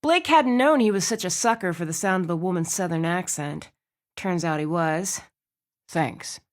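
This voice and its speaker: A woman's voice: on the low side, moderate pace. Woman narrating a romance audiobook. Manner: expressive storytelling. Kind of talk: scripted narration.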